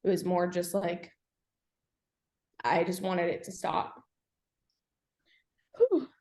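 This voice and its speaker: A young woman, a podcast guest, telling her personal story candidly, with frequent pauses and fillers. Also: fairly low pitch, level tone, darkish tone. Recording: echoey room.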